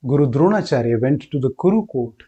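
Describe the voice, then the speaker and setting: A man's voice: medium pitch, expressive, brisk, dark tone, breathy edge, highs cut off. A man hosting a storytelling channel and narrating an epic tale in a friendly scripted way. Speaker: storyteller host.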